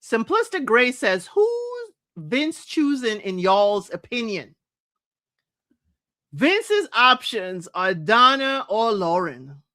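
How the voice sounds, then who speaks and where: Woman recap host, bright higher voice, dry close sound, playful and animated. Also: slow pace, dry recording. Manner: animated, playful, acts out quotes, addresses viewers as y'all. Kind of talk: casual reality-TV recap chat.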